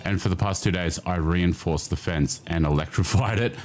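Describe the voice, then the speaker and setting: A man's voice: sits low, moderate pace, soft background music. A man with an Australian accent hosting a casual livestream chat, reading his chat aloud, swearing freely and laughing often. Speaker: livestream host.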